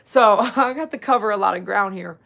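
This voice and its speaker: A woman's voice: mid-range voice, fairly quick, creaky. Chatty Southern woman hosting a livestream. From Texas. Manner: animated, swings into loud mock outbursts, then soft and earnest; chatty, reads out viewer comments, uses y'all. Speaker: dog groomer livestreaming to viewers. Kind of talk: casual livestream chat.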